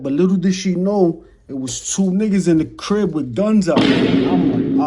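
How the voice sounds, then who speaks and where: A young New York man with a slightly high voice tells a casual storytime at a moderate pace against a noisy background. He's a storyteller vlogger who talks in slang straight to his chat and acts out the moments in an animated retelling.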